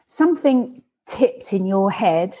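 Lady interviewing a runner, chatty and upbeat, kinda husky. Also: medium pitch, expressive, slow pace, dark tone. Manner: encouraging, chatty, addresses listeners directly. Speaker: podcast host and running club organiser. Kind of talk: casual interview.

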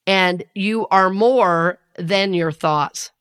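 A woman's voice: medium pitch, very slow, fairly bright tone, clear, resonant tone. A woman with a Southern US accent hosting a spiritual podcast, talking earnestly and laughing often. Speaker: podcast host and spiritual teacher.

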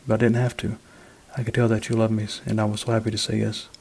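A man reading the lines of a dead wife in a story, speaking softly and tenderly. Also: on the low side, completely flat delivery, quick pace, creaky, slight background noise. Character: grieving widow's late wife, gentle middle-aged woman.

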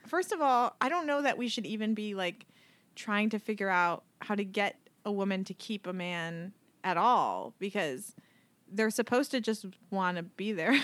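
A woman co-hosting a comedic advice podcast, quick to laugh as she chats. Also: mid-range voice, expressive, fairly bright tone. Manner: giggly, breaks into laughter often. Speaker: podcast co-host.

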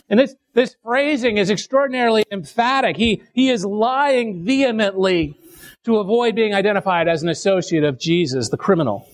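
A male preacher with a notably high voice delivers a sermon. He reads scripture and then unpacks it with casual asides, often restarting or repeating words. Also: expressive, fairly quick.

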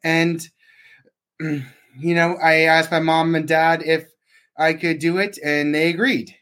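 A young man talking as a podcast guest in a casual interview, hesitant and halting, with many restarts and "like". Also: a little high, flat delivery, fairly bright tone, smooth. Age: young adult.

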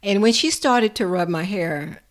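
A woman caregiver telling a personal story to an audience in a lively, expressive way. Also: mid-range voice, unhurried. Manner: expressive, lively storyteller who builds to laughter. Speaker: home caregiver.

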